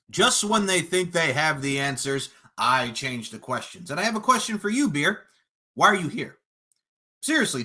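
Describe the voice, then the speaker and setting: Here a podcast guest cuts a fantasy wrestling promo, full of cocky taunts. He moves back and forth between low-voiced menace and loud boasting.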